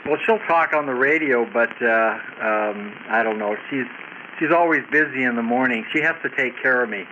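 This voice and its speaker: An older man talks over a ham radio link in a hesitant, halting manner. His voice sits at an ordinary pitch, dulled by the muffled radio and a clear hiss of static. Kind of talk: casual radio chat.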